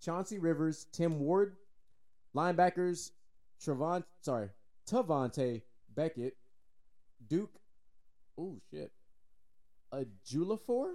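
A man's voice: on the high side, expressive, takes it slowly, long pauses, dark tone. A Texan man co-hosting a casual sports podcast, loose and joking, swearing freely. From Texas. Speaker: podcast co-host.

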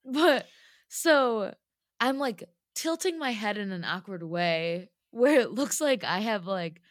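A woman's voice: mid-range voice, takes it slowly, dry recording, clean studio sound. A woman telling a personal story in a casual chat, with lots of "like" fillers. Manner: chatty, lots of "like", animated retelling.

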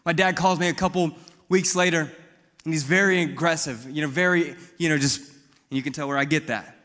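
A man's voice: a little high, fairly even intonation, fairly quick, pushed and bright, in a large hall. A pastor from Missouri preaching a sermon, telling his testimony in a bold, outspoken, conversational way.

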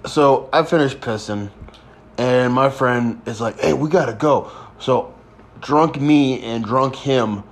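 A man's voice: medium pitch, slow pace. A young man in his twenties telling a rambling, crude story in a casual chat. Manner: crude, rambling, laid-back. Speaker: podcast host.

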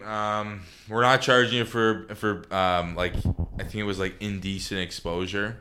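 A man's voice: low voice, fairly even intonation, moderate pace, sharp tone, smooth. A man casually telling a long story on a podcast, rambling with lots of fillers and restarts.

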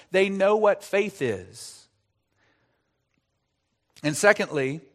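A man preaching an expository sermon as pastor, earnest, asking rhetorical questions and stressing key words. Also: fairly high pitch.

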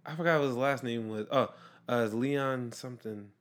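A young man riffs on a movie as he watches it with a friend. He rambles through his thoughts with plenty of fillers and laughs often, in an everyday mid-pitched voice. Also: normal speed. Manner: rambling, giggly, lots of fillers. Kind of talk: casual movie watch-along chat.

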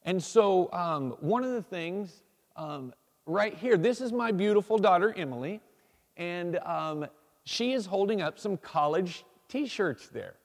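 A man's voice: sits high, lively intonation, unhurried. A man in his forties preaching a casual, folksy sermon to his congregation, self-deprecating and prone to restarts. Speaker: pastor. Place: church sanctuary. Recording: long hall reverb.

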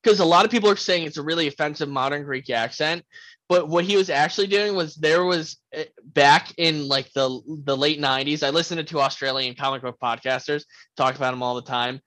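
Young male podcast host, animated and casual, fairly high voice, dry mic. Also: brisk, dry recording, low-quality recording. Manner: animated, swears freely, acts out movie lines. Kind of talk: casual film review chat.

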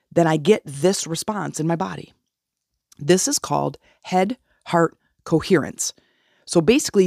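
A woman hosts a solo motivational podcast, coaching her listeners with earnest rhetorical questions. Her voice sits a little low for a woman. The recording is dry and close, with no room sound. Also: a little mellow, no room sound. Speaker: podcast host.

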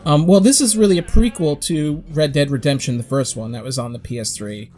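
A man co-hosting a podcast talks in a rambling, animated way, slipping into quick acted-out quotes. His voice sits a little high. Faint music plays underneath. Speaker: podcast co-host. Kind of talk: casual chat.

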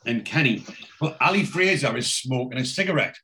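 A man's voice: mid-range voice, lively intonation, brisk, bright, forceful tone, slight background noise. A man chatting casually, retelling the scenes of a TV episode and swearing freely as he goes. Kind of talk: casual TV episode recap chat.

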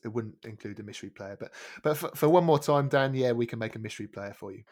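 Male podcast guest, mid-pitched voice, measured delivery, stumbles and repeats words. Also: a little mellow. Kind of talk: casual chat.

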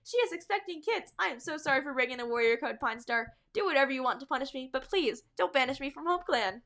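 A woman voicing an anxious male warrior cat who rushes out a pleading apology, as she reads her own story aloud. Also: high-pitched, animated, fairly bright tone.

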